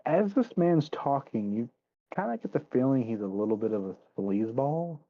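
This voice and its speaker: A man narrating a tabletop game as dungeon master, in a relaxed, casual manner. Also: medium pitch, moderate pace, phone-quality sound.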